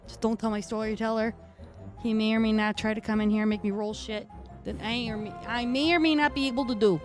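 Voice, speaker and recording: A woman's voice: fairly high pitch, steady tone, fast, faint music behind, natural voice. Woman voicing a profane, tough-talking redcap fae. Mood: gruff banter. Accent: New York. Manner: profane, rambling, streetwise tough talk. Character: brash foul-mouthed fae redcap, tough mechanic. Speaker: streamer in character. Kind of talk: in-character chat on a live stream.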